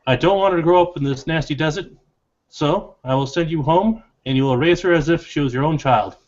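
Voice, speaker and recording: A man's voice: fairly high pitch, a little fast, lightly acted. A man voicing a courteous male desert snake guardian during a tabletop game. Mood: polite. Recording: dull lo-fi recording.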